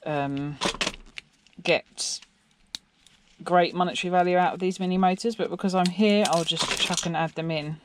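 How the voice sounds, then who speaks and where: Here the same kind of scrapping vlogger, an English woman, narrates loosely as she dismantles electronics and puts questions to her audience. She speaks at a moderate pace in a lowish, fairly even voice, and there's a faint hiss or hum.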